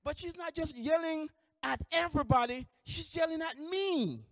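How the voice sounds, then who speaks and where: A man giving a training lecture, telling lively stories with frequent restarts. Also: extremely high pitch, moderate pace, creaky, no echo, clean studio sound, long reverb tail. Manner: animated storytelling, many restarts. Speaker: employment trainer.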